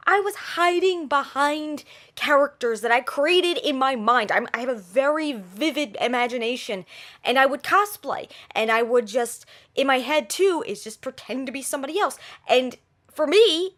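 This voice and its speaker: A young woman talks straight to her viewers in a lively, joking way. Her voice sits high, and she gestures as she talks. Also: normal speed. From New Jersey, USA. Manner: animated, talks with her hands, jokey. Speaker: channel host. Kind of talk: casual advice vlog.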